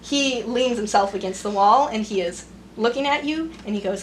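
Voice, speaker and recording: A high-pitched woman acts as game master, narrating the scene briskly and calling for dice rolls. Faint background noise sits under the recording. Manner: quick descriptive narration with fillers.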